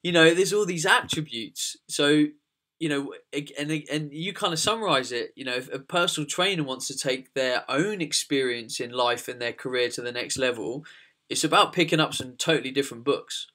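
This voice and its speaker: A man's voice: mid-range voice, normal speed, bright, forceful tone. A man with an English accent hosting a podcast, speaking frankly and reflectively in casual chat. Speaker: podcast host, nutritionist.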